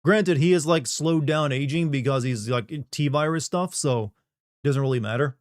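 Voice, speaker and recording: A man's voice: a little high, normal speed, no echo, clean studio sound. A middle-aged man from the Southern United States chatting casually on a live stream, rambling, joking and reading chat aloud.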